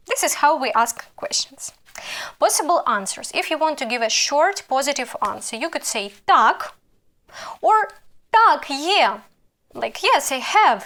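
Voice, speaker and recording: A woman with a Ukrainian accent, a native Ukrainian speaker, teaching an online language lesson with slow, careful explanations and drawn-out example phrases. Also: sits high, expressive, a bit bright.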